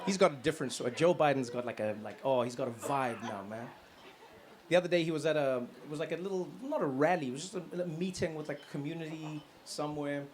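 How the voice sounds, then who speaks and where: A man performing a stand-up comedy set on stage, animated and full of acted voices and sound effects. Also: a little high, quick pace, a little hiss or hum. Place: comedy stage before an audience.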